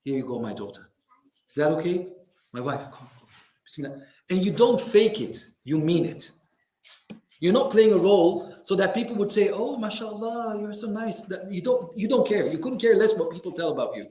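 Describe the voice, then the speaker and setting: A man delivers a religious lesson to a class with lively, teasing energy, now and then mimicking the people he describes. His voice sits a little high for a man. The sound carries the ring of a reverberant community hall. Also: moderate pace. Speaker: religious teacher. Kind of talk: lecture to a class. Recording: echoey hall.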